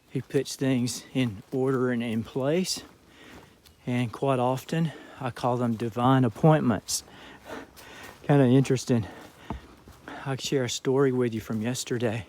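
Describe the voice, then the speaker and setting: A man with a Southern Georgia accent telling a story outdoors as he hikes, in a relaxed, reflective vlog manner. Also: mid-range voice, slow, pauses often, slight background noise. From southern Georgia, USA. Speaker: thru-hiker vlogger. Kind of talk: casual trail vlog talk. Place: outdoors on a hiking trail.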